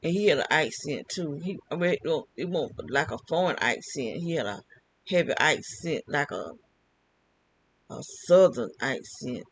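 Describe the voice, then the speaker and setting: A man's voice: on the high side, expressive, moderate pace, fairly bright tone, husky, low-quality recording. An older man talking alone to camera, rambling and often repeating and restarting his phrases. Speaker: vlogger. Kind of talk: casual monologue.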